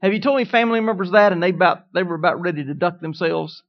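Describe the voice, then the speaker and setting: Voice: medium pitch, fast. Emphatic preacher on a dull recording. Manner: emphatic, repeats declarations with rising intensity; asks the congregation questions. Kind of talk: sermon. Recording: dull, lo-fi sound.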